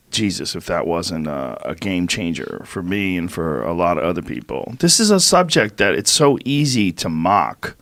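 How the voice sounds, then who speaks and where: Deep-voiced podcast host. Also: male voice, a bit bright, dry recording. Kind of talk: casual interview chat. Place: podcast studio.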